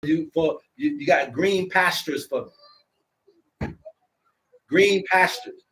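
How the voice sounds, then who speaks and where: A man hosting a live stream, lecturing his viewers in a preachy, repetitive way and drawing out words slowly for emphasis. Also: fairly high pitch, fairly bright tone, far from the mic, rough recording. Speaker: herbalist host of a live stream.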